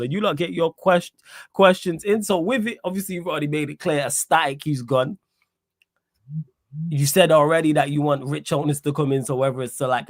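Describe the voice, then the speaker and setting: A man's voice: a little high, dry recording, studio quality. A man hosting a casual livestream, laid-back, greeting the chat and asking questions. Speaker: livestream host.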